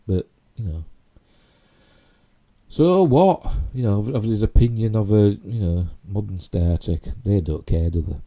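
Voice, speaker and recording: Deep, dark-voiced Yorkshire man rambling. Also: lively intonation, measured pace, highs cut off. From Yorkshire, England. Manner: rambling, full of "you know" and tag questions. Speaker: live stream host. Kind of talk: casual live stream commentary on geek news.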